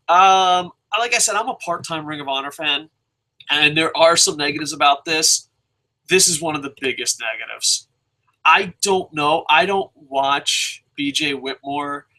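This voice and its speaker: A man's voice: a little high, bright, forceful tone, rough recording. A man reviewing a wrestling show in a casual, rambling rant, swearing heavily and jumping between thoughts. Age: adult with a son.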